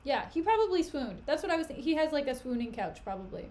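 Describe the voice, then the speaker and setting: Very animated and fast, a young woman with a high, slightly mellow voice reads a play aloud on her stream. Her recap is chatty and giggly, loaded with "like" and "you know."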